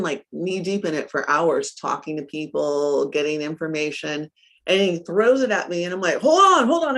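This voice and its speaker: A middle-aged woman coach in a casual interview, telling stories with lively acted-out quotes and frequent laughs. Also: on the low side. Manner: animated storyteller, acts out her own quotes, laughs often.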